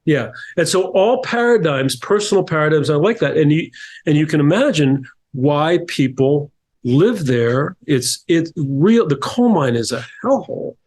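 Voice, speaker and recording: A man's voice: on the high side, lively intonation, a little slow, a little mellow. A middle-aged man from New Jersey, a guest telling stories in a casual interview, thoughtful, with frequent restarts and repeated words. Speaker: podcast guest, author and coach.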